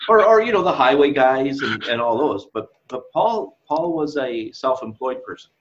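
Middle-aged man, casual Bible study chat, rambling asides, average pitch, somewhat muffled lo-fi sound. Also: animated, moderate pace. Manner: rambling, laughs at his own asides. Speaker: co-host of Bible discussion. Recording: slightly dull lo-fi audio.

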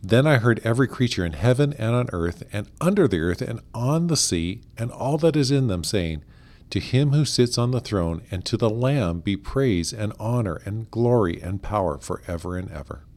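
A man's voice: on the low side, expressive, moderate pace, darkish tone. A cheerful, agreeable man co-hosting a Bible study, reading scripture passages aloud. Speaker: co-host and scripture reader.

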